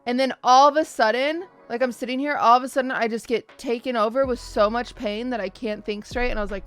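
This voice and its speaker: A young woman streamer telling her chat a story in a casual, animated way, often restarting and repeating words. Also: a little high, fast talker, few pauses, faint music behind.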